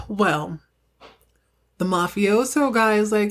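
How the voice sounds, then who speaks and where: A woman's voice: takes it slowly, long pauses. A young adult woman hosting a casual solo podcast, chattily recapping a TV soap episode with playful asides. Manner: chatty, playful, acts out characters' lines in higher voices.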